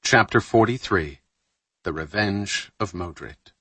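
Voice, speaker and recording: A man reading a thriller audiobook aloud in a measured, steady narration, lightly voicing the dialogue. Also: lowish voice, breathy edge, dry recording.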